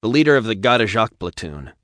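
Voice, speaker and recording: A man voicing a young male ship captain who talks warmly and jokingly, in an audiobook. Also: fairly low pitch, sing-song, quick pace, no echo, clean studio sound. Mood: friendly. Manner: warm, joking.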